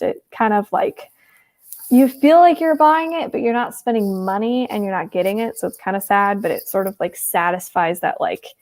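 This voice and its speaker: A woman in her twenties from Wisconsin with a Midwestern accent tinged with a Texas twang, chatting casually with viewers and rambling with lots of ums and likes. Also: medium pitch. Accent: Upper Midwest American with some Texas Southern traces. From Wisconsin, USA. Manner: rambling and chatty, many ums and likes, reads out chat comments. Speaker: livestream host.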